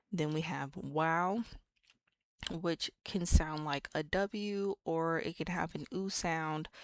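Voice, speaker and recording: A woman's voice: sits low, no echo. An American woman giving a casual, playful lesson, repeating each sound several times with chatty asides. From United States. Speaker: language teacher.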